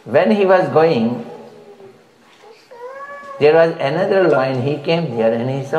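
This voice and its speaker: A man giving a devotional sermon in a house, telling a fable in an animated way and often laughing. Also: a little high, takes it slowly, pauses often, highs cut off. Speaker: spiritual speaker. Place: room in a private house. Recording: roomy echo, faint background hum.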